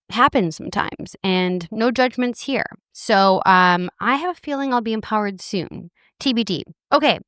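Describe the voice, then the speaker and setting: A woman's voice: medium pitch, fairly bright tone, clean tone, dry recording, clean studio sound. A woman in her thirties hosting a solo podcast from her couch, talking candidly and self-deprecatingly and swearing freely. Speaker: podcast host. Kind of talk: casual solo podcast monologue. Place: living room couch.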